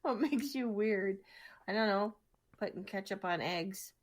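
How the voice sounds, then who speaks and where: A woman's voice: mid-range voice, a little slow. A woman hosting a casual podcast chat, laughing often between her lines. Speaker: podcast host.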